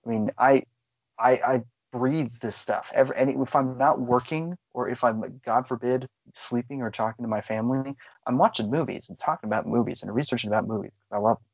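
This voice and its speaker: An excitable man rambles through casual movie talk as a podcast co-host and swears freely. The audio is slightly dull and lo-fi. The room is dry, with the mic close to him. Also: mid-range voice, a little fast, no echo. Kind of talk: casual chat.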